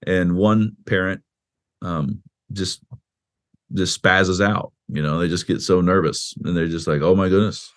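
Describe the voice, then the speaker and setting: A pastor and author explains his views in a podcast interview, his voice low and unhurried. He talks conversationally with frequent restarts and "you know," and animatedly acts out quoted speech in a raised voice.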